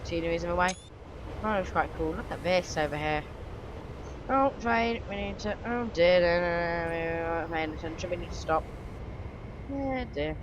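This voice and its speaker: A woman's voice: fairly low pitch, normal speed, pauses often. A woman giving chatty, self-correcting commentary while she plays a game. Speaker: channel host. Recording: train engine noise underneath.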